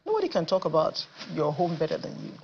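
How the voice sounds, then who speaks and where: A woman's voice: low voice, wildly swooping pitch, fast, dull audio, slight background noise. A woman producer being interviewed on TV, speaking confidently and emphatically about her work. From Nigeria. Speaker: theatre and film producer, guest. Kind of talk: studio interview.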